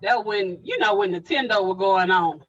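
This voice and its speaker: A woman's voice: mid-range voice, normal speed, far from the mic, lo-fi sound. A woman co-hosting a casual chat, reminiscing. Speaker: co-host.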